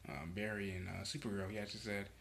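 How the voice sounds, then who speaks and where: A man's voice: lowish voice, little pitch movement, quick pace, gravelly, fairly bright tone, slight background noise. A man casually recapping a TV episode for his vlog, rambling, filling gaps with "you know" and dropping profane slang. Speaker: show reaction vlogger.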